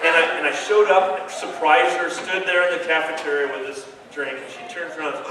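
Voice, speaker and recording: A man giving an animated, joking talk to a young audience as a youth speaker, playing to the crowd. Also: fairly high pitch, brisk, few pauses, noisy background. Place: large hall with a live audience. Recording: echoey hall from far off with a crowd. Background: crowd of kids reacting.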